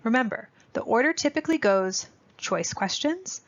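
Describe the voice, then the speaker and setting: A woman with a gravelly, creaky voice presents a parenting webinar in clear, instructive narration. She speaks directly to parents in an even, scripted manner. The audio is dull and lo-fi. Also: fairly high pitch, moderate pace. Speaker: speech-language presenter.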